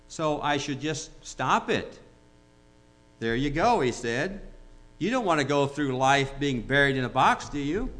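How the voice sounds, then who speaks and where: A man's voice: medium pitch, moderate pace, fairly bright tone. A man preaching a sermon, telling a joke story with quoted dialogue before moving into emphatic exhortation. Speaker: pastor.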